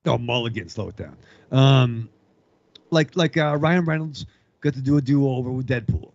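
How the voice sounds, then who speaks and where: A man's voice: mid-range voice, moderate pace, a little mellow, no echo, lo-fi sound. A man co-hosting a horror film podcast in loose casual chat, rambling and joking with frequent swearing. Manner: rambling, jokey, swears freely. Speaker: podcast co-host.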